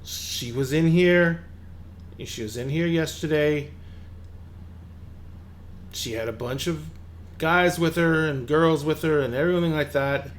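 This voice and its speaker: A man's voice: on the high side, measured pace, pauses often, slight background noise, lightly acted. A man voicing a defensive, foul-mouthed male tattoo shop owner who swears freely. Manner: swears freely, streetwise and exasperated.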